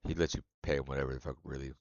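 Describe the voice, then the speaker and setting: A man with a very deep voice rattles on quickly in a loose, profane stream chat with his viewers and laughs often. The sound is dry and close, through a dull lo-fi stream mic. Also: flat delivery, darkish tone, dry recording. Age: adult. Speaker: game streamer. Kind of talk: casual live-stream chat.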